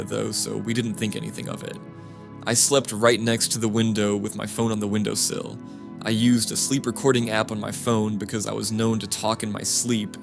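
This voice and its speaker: A man reading first-person stories aloud as scripted narration, in a steady, flat reading manner. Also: fairly low pitch, creaky. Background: music.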